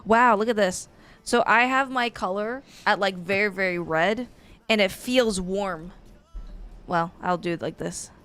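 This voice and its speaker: Smooth-voiced woman co-hosting an art stream. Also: medium pitch, a little slow, a bit bright, soft background music. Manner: agreeable and upbeat, chiming in. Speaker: co-host. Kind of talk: casual live-stream chat.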